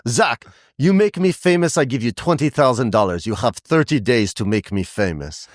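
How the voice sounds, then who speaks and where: A man doing a brash young woman singer with a broad mock Russian accent, pitched up high and pushy in her demands. The voice stays close and dry, a quick jokey impression tossed into a story. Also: lively intonation, no room sound, lightly acted. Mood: demanding. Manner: blunt, demanding.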